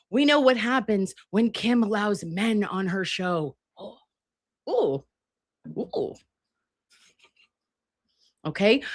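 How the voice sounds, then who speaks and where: A woman's voice: medium pitch, fairly bright tone. A woman in her forties hosting a casual livestream, brash, profane and campy, with lots of asides. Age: 40s. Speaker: livestream host.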